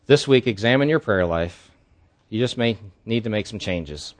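A man's voice: lowish voice, expressive, moderate pace. A man preaching as a pastor at a church service, telling a candid personal story in an earnest way. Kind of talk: sermon.

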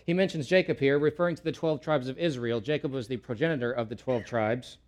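A man preaching a sermon in an earnest way, repeating key words for emphasis and rising loud when quoting pleas. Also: medium pitch, fast talker. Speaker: pastor.

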